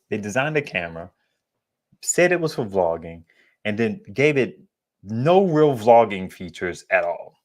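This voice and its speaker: Deep-voiced man in a casual vlog. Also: a bit bright. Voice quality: deep bassy voice. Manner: rambling, digressive, slangy and candid. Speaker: solar equipment YouTuber.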